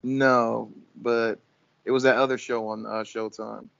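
A man's voice: mid-range voice, level tone, measured pace, gravelly, fairly bright tone, dry recording. A man co-hosting a casual podcast, joking around and asking questions. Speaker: podcast co-host. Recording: dry, dull lo-fi sound.

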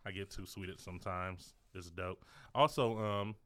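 A relaxed man co-hosting a podcast, speaking casually and easily. His voice sits very low, with an unhurried, friendly flow. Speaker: podcast co-host.

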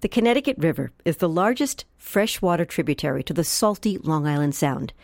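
A woman's voice: deep voice, lively intonation, brisk, darkish tone, no echo, studio quality. A woman reporter reading a scripted radio news report.

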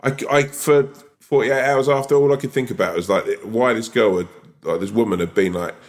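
A stand-up comedian co-hosting a podcast, telling an animated story full of "like" fillers. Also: male voice, medium pitch, brisk. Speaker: podcast co-host. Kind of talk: casual chat.

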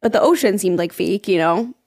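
A woman's voice: medium pitch, a little fast, darkish tone, dry recording, studio quality. A woman co-hosting a podcast in casual chat, giggly and chatty as she reads out trivia. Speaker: podcast co-host.

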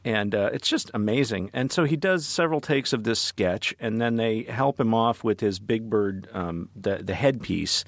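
A middle-aged man co-hosting a podcast, telling an animated story in casual chat. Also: lowish voice, normal speed, few pauses, no room sound, clean studio sound. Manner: animated storyteller, playful with puns. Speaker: podcast co-host.

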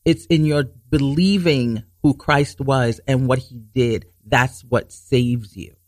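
A man hosting a Bible teaching talk show, explaining scripture earnestly, restarting sentences to stress his points and reading verses slowly. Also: medium pitch, a little mellow, no room sound, clean studio sound. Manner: reads scripture slowly and deliberately.

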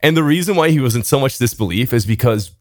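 A young man, a podcast co-host, telling an animated story in casual chat, swearing often and laughing between lines. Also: mid-range voice, quick pace, no echo, studio quality.

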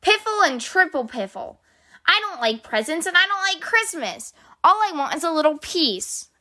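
A cross, spluttering old badger who wants to be left alone, as a woman puts him on. The voice pitches up high and sharp with indignation. Storybook reading for children. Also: big pitch swings, moderate pace, full character voice. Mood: grumpy. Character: grumpy old male badger, huffy and cross.

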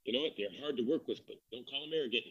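A man's voice: medium pitch, rapid-fire, dull audio, a crowd in the background. A man co-hosting a casual podcast chat, emphatic and wry. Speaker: co-host.

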